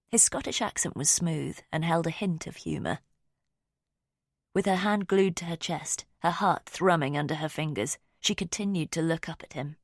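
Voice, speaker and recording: Woman, audiobook narration, low voice, dry close sound, measured delivery. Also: no echo.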